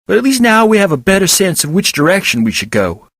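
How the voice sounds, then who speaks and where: A humble young male chipmunk speaks up in an earnest, reassuring way, as a man reading the story puts him on. His voice sits well above a grown man's ordinary pitch. This is a storybook reading. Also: sing-song, quick pace, fairly bright tone, no room sound, clean studio sound, full character voice. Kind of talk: audiobook character voice.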